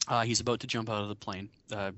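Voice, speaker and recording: Male co-host, relaxed joke-teller, dry close mic, slightly dull audio. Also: fairly low pitch, fast talker, no room sound. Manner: storytelling, acts out characters in the joke. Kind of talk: casual chat, telling a joke.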